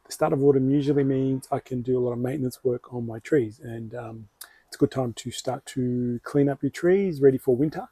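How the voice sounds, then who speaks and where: A man's voice: mid-range voice, fairly quick, dark tone, breathy edge, dry recording. A man with an Australian accent hosting his own bonsai channel, explaining tree care in a casual, rambling way that often corrects itself. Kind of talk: casual hands-on tutorial.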